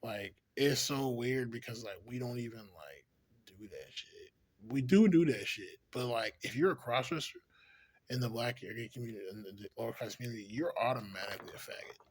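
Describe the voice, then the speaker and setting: A man's voice: mid-range voice, a little fast, husky. A man talking to camera in a casual, rambling vlog monologue, swearing freely and filling his talk with "like". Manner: profane, rambling, heavy use of "like"; laughs often between thoughts. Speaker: vlogger.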